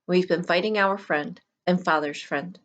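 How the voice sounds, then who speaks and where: A woman reads the part of a small boy under a spell, speaking with a cold, bland calm. His words come slowly and reasonably, never rising to anger. It sits a little low for a child. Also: lo-fi sound. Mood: eerily calm. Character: boy, the young protagonist's hypnotized little brother, cold and eerily calm.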